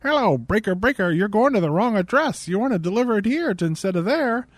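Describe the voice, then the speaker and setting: A man's voice: sits high, sing-song, fast talker, dry recording, pitched above the performer's own voice. A man voicing a woman putting on a fake trucker radio voice, in a mocking, exaggerated way.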